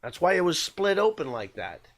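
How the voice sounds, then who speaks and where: A man's voice: high voice, big pitch swings, normal speed, fairly bright tone. A man hosting a podcast, telling a true-crime story in a loose, conversational way, with lots of fillers and the odd curse word.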